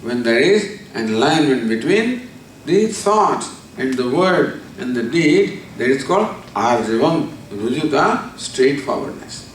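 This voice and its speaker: A man, giving a spiritual discourse. He tells a story and then explains Sanskrit terms slowly, repeating them. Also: mid-range voice, very animated. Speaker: spiritual teacher. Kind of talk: discourse on scripture. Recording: echoey hall from far off, faint noise.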